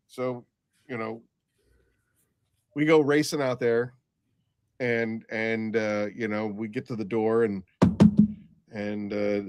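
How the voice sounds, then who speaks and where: A middle-aged man, a nurse and former paramedic, telling a blunt story in casual conversation, halting and full of restarts. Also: on the low side, no echo, studio quality.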